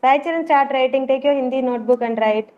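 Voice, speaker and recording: Woman teacher, Indian English accent, high voice, encouraging drills, muffled video call. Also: fast, a little mellow. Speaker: preschool teacher. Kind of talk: online class teaching. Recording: muffled online call audio.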